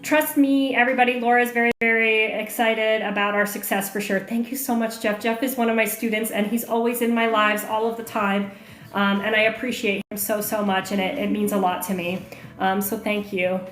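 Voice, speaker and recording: Hosting her livestream as an online marketing coach, this woman talks fairly quickly in a medium-pitched, slightly bright voice that stays fairly flat. She chats casually, reads out viewer comments and answers questions, filling her speech with fillers, in an echoey room with faint music playing.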